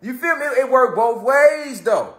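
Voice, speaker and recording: A man giving a casual motivational talk, animated and slangy, swearing freely and swinging between loud and soft. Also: extremely high pitch, moderate pace. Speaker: motivational speaker. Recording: roomy echo.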